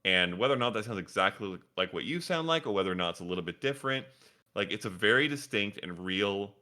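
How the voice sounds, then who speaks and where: Deep-voiced man, animated, bright-toned; casual chat. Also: fast talker. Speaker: player.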